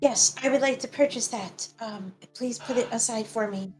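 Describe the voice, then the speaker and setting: Woman playing a polite young adventurer, formal, hesitant, high voice, tabletop game. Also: normal speed, darkish tone, soft background music, lightly acted. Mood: earnest.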